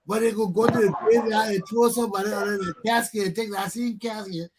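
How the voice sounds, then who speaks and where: A man hosting a political talk show, speaking forcefully with lots of repetition. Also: high voice, steady tone, fast, background noise.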